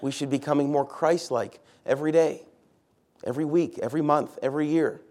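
A man's voice: a little high, a little fast, a little mellow. A man, a pastor, preaching a sermon in a church, stressing key words by repeating them and putting questions to the congregation.

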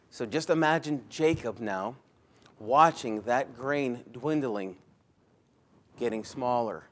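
A pastor delivering a conversational sermon, emphatic at points and often rephrasing himself mid-sentence. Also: male voice, mid-range voice. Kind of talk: expository sermon.

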